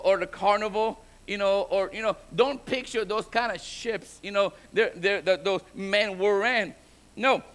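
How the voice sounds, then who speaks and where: A man's voice: sits high, fairly bright tone. A man preaching a sermon as pastor, often repeating and restarting words and building to emphatic exhortation, switching between languages. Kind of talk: bilingual sermon.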